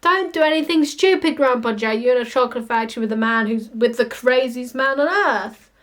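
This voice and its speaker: A woman ranting in a casual vlog, animated, sweary and mocking. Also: fairly high pitch, brisk. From United Kingdom. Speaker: vlogger. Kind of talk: casual ranting monologue to camera.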